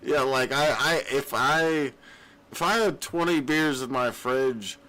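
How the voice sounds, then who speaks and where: A man's voice: medium pitch, slow pace, sharp tone, low-quality recording. A young man hosting a casual livestream podcast, joking, rowdy and laughing often. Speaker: podcast host.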